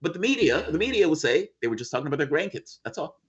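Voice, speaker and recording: A man's voice: a little high, very animated, fast talker, muffled recording. A man as guest in a casual political chat over a video call, emphatic and profane.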